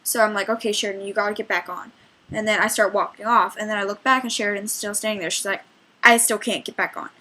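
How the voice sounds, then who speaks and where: Bright-voiced young woman telling a story. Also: mid-range voice, steady tone, fast talker, low-quality recording. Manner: chatty, rambling retelling with many quoted exchanges. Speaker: trail guide. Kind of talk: storytelling vlog.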